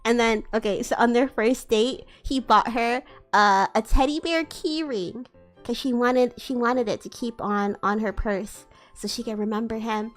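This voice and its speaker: A woman's voice: fairly high pitch, fairly even intonation, unhurried, faint music behind. A woman streamer chatting casually, rambling and giggly, with many restarts. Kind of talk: casual chat.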